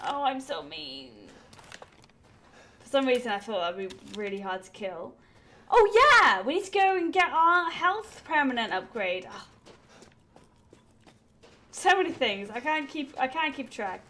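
A woman's voice: sits high, a little slow, long pauses. A woman commenting while playing a horror game, jumpy and swearing, often screaming at the scares. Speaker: gaming YouTuber. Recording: steady background noise.

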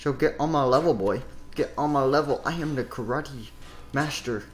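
A man's voice: mid-range voice, normal speed, close to an everyday voice. A man voicing a boastful, hot-headed karate master in an improvised game role-play, taunting and repeating himself.

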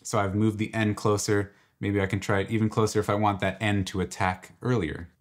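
A man presenting a software tutorial, explaining each step in a relaxed, exploratory way as he clicks through. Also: fairly low pitch, fairly quick. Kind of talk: software walkthrough.

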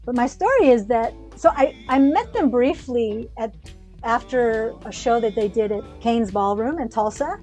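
Lively high-voiced woman telling stories. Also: normal speed, soft background music. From United States. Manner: animated, chatty, laughs often, restarts sentences. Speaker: podcast guest, musician and educator. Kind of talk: casual storytelling chat.

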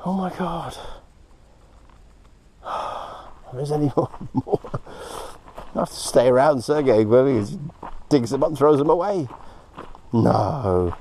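A man chats outdoors at a quarry, so worked up that his voice keeps dropping into breathy, gasping whispers. His pitch sits mid-range for a man, and a faint hiss lies beneath him. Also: expressive, slow pace, pauses often, warm tone. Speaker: host, moldavite hunter. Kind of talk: casual vlog chat.

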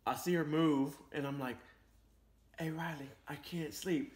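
A man's voice: on the high side, steady tone, unhurried. A man chatting to the camera, telling a story and acting out the quotes. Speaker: vlogger. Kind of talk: casual storytelling. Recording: echoey room.

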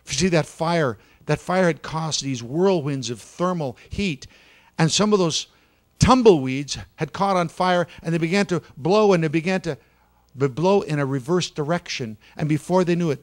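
His voice is on the high side as he narrates a children's story in church. The telling is dramatic, moving from whispers to louder stretches and slowing for effect.

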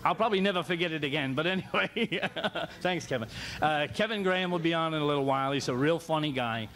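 A man hosting a talk show and introducing guests in a rambling, halting way, with many pauses. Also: a little high, a bit bright, a little hiss or hum.

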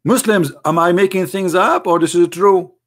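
With a high-sitting voice and moderate pace, a man from the Arab world, a native Arabic speaker with an accent, performs a sarcastic monologue as an online critic. He ridicules his subject and keeps putting rhetorical questions straight to his audience.

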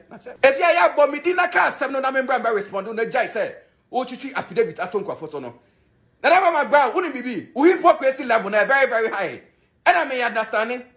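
Switching back and forth between Twi and English, a Ghanaian-accented man offers mocking, scolding gossip commentary as an entertainment commentator. His voice is very high-pitched with a fairly bright tone.

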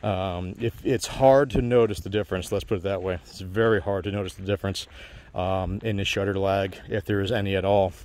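A man with a fairly low voice talks straight to camera in a loose, unscripted way. He circles back on his words, leans on "um" and "uh", and gives earnest, practical advice. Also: fairly even intonation, brisk, darkish tone. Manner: rambling, many fillers and restarts, earnest advice. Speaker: channel host giving phone advice. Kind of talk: casual explainer monologue.

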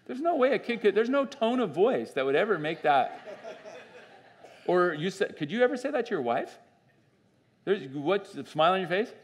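Animated male pastor preaching. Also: high-pitched, gravelly. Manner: animated and conversational, with restarts and laughs. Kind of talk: sermon. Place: church.

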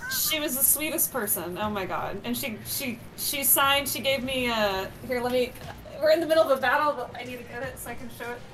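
A woman's voice: high voice, a little fast. A woman streaming a co-op game, bantering casually and joking in mock-French phrases, with game music behind her. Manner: jokey mock-French phrases, frequent laughter.

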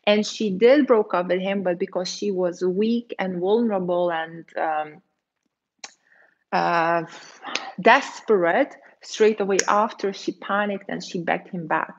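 A woman dating coach talking casually on a livestream, chatty and quick, acting out the voices she quotes. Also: on the low side, dull audio. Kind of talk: casual livestream advice, reading viewer comments.

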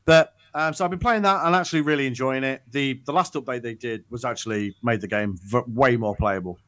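A man's voice: mid-range voice, a little fast, a bit bright. A man co-hosting a gaming podcast, chatting casually and rambling with lots of restarts and ums. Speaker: podcast co-host. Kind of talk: casual chat.

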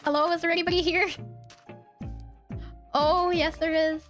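A young woman giving casual, excitable let's-play commentary, giggling and talking to herself as she plays. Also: very high-pitched, normal speed, faint music behind. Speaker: gaming video creator.

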